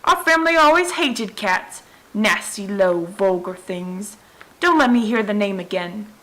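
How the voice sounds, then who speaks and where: A woman reading aloud, voicing a touchy little mouse with a shrill, trembling voice. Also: a little slow, vocal fry, fairly bright tone, low-quality recording. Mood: outraged.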